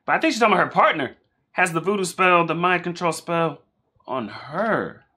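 Man, reaction streamer, casual rambling commentary, fairly high voice, bright tone. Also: lively intonation, normal speed. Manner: chatty, rambling, thinking out loud.

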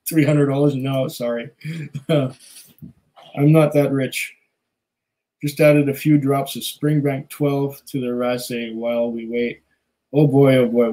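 A man's voice: medium pitch, a little mellow, rough recording. A man hosting a casual live stream, chatting loosely with many fillers and small laughs while reading viewer comments. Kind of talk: casual chat.

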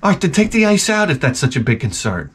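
Man ranting in a lively, profane ramble. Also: fairly high pitch, fast talker, slightly rough. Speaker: channel host. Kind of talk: casual rambling monologue.

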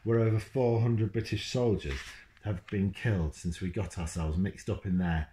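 A man voicing an angry mother who shouts at her husband, seething and close to tears, read in a roomy room. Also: fairly low pitch, fairly even intonation, normal speed, a little hiss or hum, lightly acted. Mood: furious. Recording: roomy echo.

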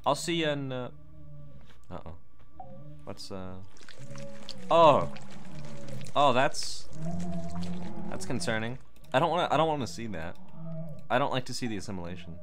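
A man giving casual, jokey let's-play commentary on a horror game, reacting quickly with nervous laughter. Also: mid-range voice, animated, a bit bright, faint music behind. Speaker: gamer playing a horror game.

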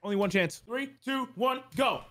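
A man's voice: very high voice, normal speed, sharp tone. A man playing a horror game with a friend, teasing him and laughing often in casual chat. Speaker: co-player. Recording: faint background noise.

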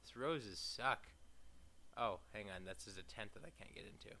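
A man giving casual game commentary with a bright, forward voice. He makes sarcastic, profane jokes about what happens on screen. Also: on the low side, fairly even intonation, fast, a little hiss or hum. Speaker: let's play gamer.

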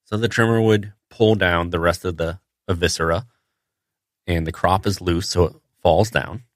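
A man's voice: low voice, fairly even intonation, a little slow, no room sound, studio quality. A man, a butcher hosting a podcast, casually telling how a poultry line works in a matter-of-fact way with frequent fillers. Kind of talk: casual storytelling.

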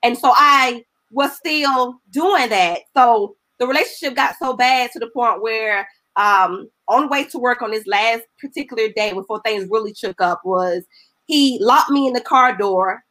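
High bright-voiced woman giving a testimony. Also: normal speed. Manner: earnest and emotional, with a colloquial storytelling delivery. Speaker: evangelist giving a testimony as guest. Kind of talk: personal testimony in conversation.

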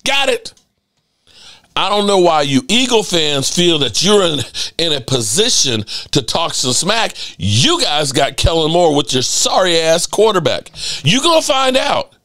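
A fired-up man hosting his own sports channel, ranting hard with cursing and repeated jabs. His voice sits high for a man and leaps all over the place as he hammers each point. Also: sing-song, a little slow, pushed and bright. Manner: heated, profane, repetitive. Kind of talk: ranting commentary.

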